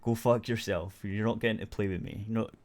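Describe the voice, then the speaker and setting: A scornful female house cat brushes off her owner in coarse, sweary put-downs, voiced by a Scottish man. The voice sits low. It keeps a broad Scottish lilt. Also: fairly even intonation, a little fast, darkish tone, natural voice.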